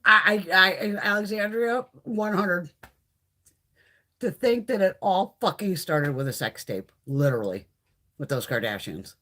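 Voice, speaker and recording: A woman's voice: lowish voice, a little slow. A middle-aged woman chatting casually with viewers on a live stream, swearing freely and acting out quoted conversations. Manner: swears constantly, chatty and animated, acts out quoted exchanges.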